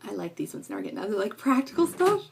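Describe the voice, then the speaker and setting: Gravelly-voiced woman chatting about parenting. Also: fairly high pitch, big pitch swings, fast, background noise. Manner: rambling, earnest, many fillers. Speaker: parenting vlogger. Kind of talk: casual talk to camera.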